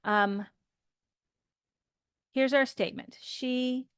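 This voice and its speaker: A woman teaching an English grammar lesson, explaining slowly and patiently and often checking in with "okay?". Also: high voice, fairly even intonation, clear, resonant tone, no room sound, studio quality.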